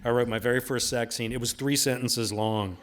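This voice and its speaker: Male author, live talk, rambling anecdotes, self-mocking humor, filler-heavy, mid pitch. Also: steady tone, moderate pace, slight background noise. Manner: rambling, lots of repeated filler phrases; self-deprecating humor, laughs at his own jokes. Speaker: author speaking at a book event. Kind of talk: live storytelling talk to an audience.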